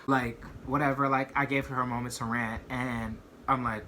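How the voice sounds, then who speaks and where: Bright-voiced young man telling a story. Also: mid-range voice, level tone, normal speed, few pauses, a little hiss or hum. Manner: rambling, heavy use of "like" and "you know what I mean". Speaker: vlogger. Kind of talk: casual storytime.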